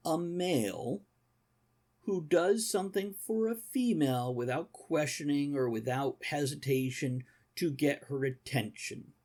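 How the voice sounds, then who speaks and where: A man's voice: medium pitch, darkish tone. A man hosting a podcast, chatting casually in a joking, rambling way and laughing often. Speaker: podcast host. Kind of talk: casual chat.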